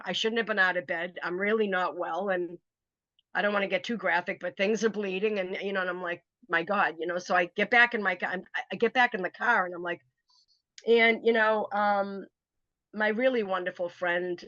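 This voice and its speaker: A woman telling a personal story in a casual interview, animated and acting out what other people said. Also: fairly low pitch, no echo. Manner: animated, acts out quoted voices. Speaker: author telling her story. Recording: dry, slightly dull recording.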